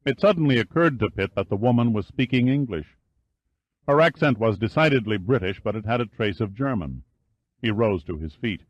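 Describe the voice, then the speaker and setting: A man narrating an audiobook in a measured, steady reading style. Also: lowish voice, dry recording, highs cut off. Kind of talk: scripted narration.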